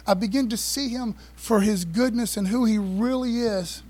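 A man preaching a sermon to his church, animated and repeating phrases, calling on the congregation to answer back. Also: high voice, normal speed, rough recording. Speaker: pastor.

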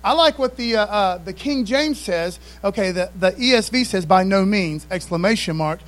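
A man's voice: sits high, animated, normal speed, a bit bright, low-quality recording. A man preaching a sermon in a conversational, emphatic way, often asking the congregation to respond. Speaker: pastor.

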